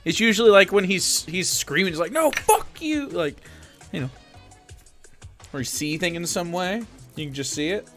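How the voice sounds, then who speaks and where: A man streaming live, chatting casually and breaking into excited shouts. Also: high voice, normal speed, long pauses, soft background music. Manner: excitable, swings into loud shouts.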